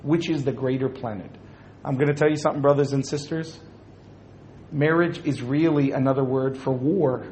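Animated, joking man giving a religious talk. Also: medium pitch, normal speed, slight background noise. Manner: joking, animated, acts out little scenes. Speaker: speaker at an Islamic talk. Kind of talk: humorous religious talk to an audience.

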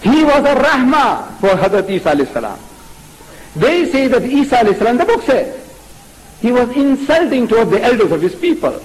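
A man giving a religious lecture as an Islamic preacher, firing off rhetorical questions in an animated way. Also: extremely high pitch, fairly quick, poor audio.

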